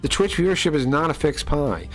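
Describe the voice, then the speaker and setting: A man's voice: a little high, big pitch swings, fairly quick, faint music behind. A man live-streaming and ranting to his chat, incredulous and exasperated, with lots of fillers. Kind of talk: casual live-stream rant.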